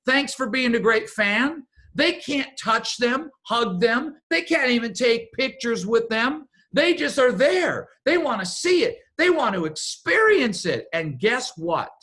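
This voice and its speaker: Animated male business coach. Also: very high voice. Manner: animated storyteller, acts out what others said. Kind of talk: motivational training talk.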